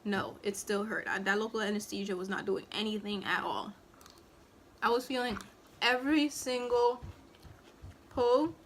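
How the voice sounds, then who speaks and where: A young woman talks in a casual, rambling storytime manner and leans on fillers. She slips into the voices of the people in her story. Her pitch sits in a middle range for a woman. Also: steady tone, moderate pace, a bit bright, slight background noise. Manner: chatty, rambling, filler-heavy, acts out quotes. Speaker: vlogger and new mother. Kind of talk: casual storytime while eating.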